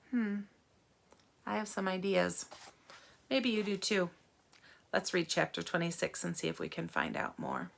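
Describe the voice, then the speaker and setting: A woman reading a novel aloud to children and stopping to ask them gentle, teacherly questions. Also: medium pitch, gravelly. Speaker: read-aloud narrator for children.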